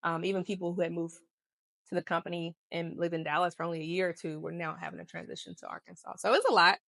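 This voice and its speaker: Low-voiced woman chatting on a podcast. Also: fairly even intonation, fast, vocal fry, fairly bright tone, dry recording. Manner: chatty, laughs often, goes off on tangents. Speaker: podcast co-host. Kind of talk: casual chat.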